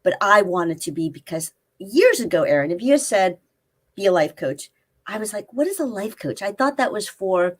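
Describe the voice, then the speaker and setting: A woman's voice: medium pitch, lively intonation, moderate pace. A woman in her fifties, a life coach and guest, chatting casually and telling stories, acting out quoted dialogue. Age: 50s. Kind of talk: casual interview chat. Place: spare room at family home.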